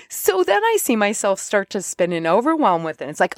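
A middle-aged woman coach talking casually about spiritual self-help, chatty and animated when she acts out her inner dialogue. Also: medium pitch, fairly quick, hardly any pauses, dry recording, studio quality. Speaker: podcast host and coach.

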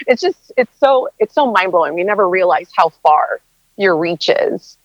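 Woman in her thirties, interview guest, chatty and emotional, low-ish voice, dull dry recording. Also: expressive, unhurried, dry recording. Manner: chatty and emotional, many fillers and laughs. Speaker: interview guest, content creator. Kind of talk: casual interview answers.

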